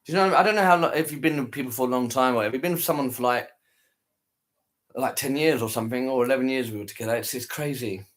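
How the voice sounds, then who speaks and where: A man's voice: medium pitch, fast. A tired man chatting casually to his viewers after a live stream, rambling, repeating himself and trailing off. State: tired, worn out.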